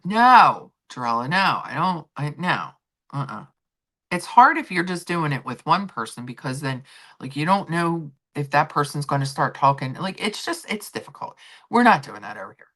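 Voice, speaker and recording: A woman's voice: sits low, big pitch swings, moderate pace, fairly bright tone. A woman hosting a casual chat livestream, rambling and swearing freely as she talks to her viewers. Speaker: livestream host.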